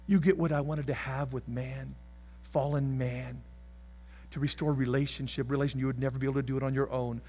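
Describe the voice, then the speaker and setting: A man voicing God in a soft, hushed, tender whisper during a sermon. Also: mid-range voice, flat delivery, a little fast, lightly acted. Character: God as a tender, delighted male voice.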